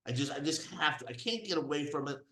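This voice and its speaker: A man giving an emphatic religious and political commentary monologue, rising to near-shouts when indignant. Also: on the high side, animated, fast talker, echoey room, rough recording. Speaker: commentary host.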